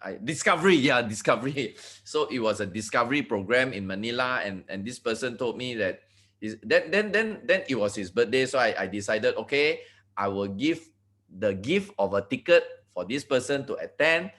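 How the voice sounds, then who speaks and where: Man, from Malaysia, motivational speaker, very lively pitch, mid-range voice, talks to the audience directly, repeats words and restarts. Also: moderate pace. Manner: addresses audience directly, asks for agreement. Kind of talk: motivational talk to an online group.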